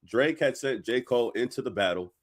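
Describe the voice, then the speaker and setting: A man hosting a reaction channel, talking in a measured way as he lays out his view. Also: mid-range voice, expressive. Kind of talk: casual commentary.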